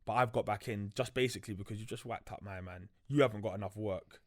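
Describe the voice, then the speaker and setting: A man's voice: fairly low pitch, fast. A young man, a podcast guest telling a story in a loose, slangy way with many fillers. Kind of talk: casual storytelling chat.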